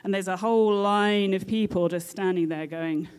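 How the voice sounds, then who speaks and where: A woman with a British accent, a nurse telling a personal story in a lively, animated way with frequent laughter. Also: medium pitch, normal speed, clear, resonant tone.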